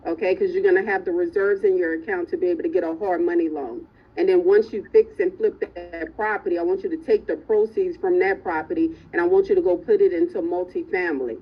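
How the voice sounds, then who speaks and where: An emphatic woman coaching her students live, her voice husky and a little raspy. The audio is muffled and low-fi, as if it came through an online call. She keeps checking in with her listeners. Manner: motivational, emphatic, repeats "right?" and "okay?". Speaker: real estate coach.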